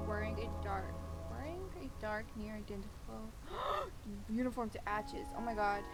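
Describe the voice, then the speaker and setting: A woman hosting a visual novel let's play, reading the narration aloud and reacting in a chatty, expressive way. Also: mid-range voice. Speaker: gaming channel host.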